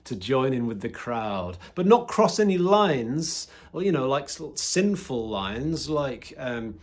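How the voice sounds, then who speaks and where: A man's voice: medium pitch, big pitch swings, slow. A man giving a personal devotional talk, telling his own story in a candid, reflective way with sudden emphatic rises. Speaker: Christian teacher.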